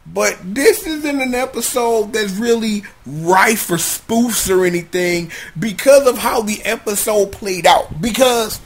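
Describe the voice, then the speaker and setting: A young man giving a casual comedic episode review, slangy, profane and animated. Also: high-pitched, a little slow, hardly any pauses.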